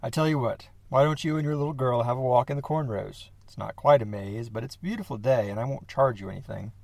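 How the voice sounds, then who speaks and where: A man voicing a quiet, flat-eyed young farmer, talking softly, deeply and slowly. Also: vocal fry, no room sound. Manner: soft, deep, slow and polite.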